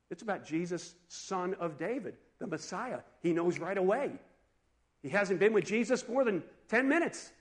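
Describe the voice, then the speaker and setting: A man preaching a sermon in an animated, conversational way, asking his listeners questions. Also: high-pitched. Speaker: pastor.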